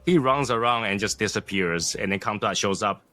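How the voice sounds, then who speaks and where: A man co-hosting a casual podcast chat, telling stories and acting out scenes with lively energy. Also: on the low side, moderate pace, faint music behind. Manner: animated storytelling, acts out scenes. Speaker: podcast co-host.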